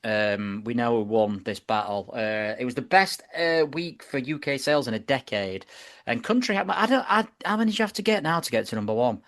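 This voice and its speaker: A man, hosting a casual podcast chat, animated and swearing freely. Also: mid-range voice, fairly quick. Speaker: podcast host.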